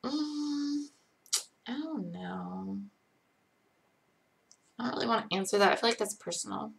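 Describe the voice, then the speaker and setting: A young woman casually answering chat questions on a live stream, hesitant, with frequent ums and pauses. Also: fairly high pitch, expressive, gravelly.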